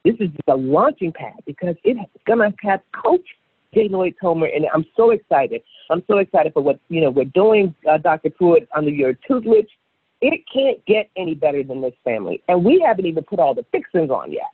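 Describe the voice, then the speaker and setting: A woman speaking as a sales director on a motivational conference call, excitable and gushing, often repeating herself. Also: fairly low pitch, fairly quick, slightly rough, dry recording. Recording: tinny phone line.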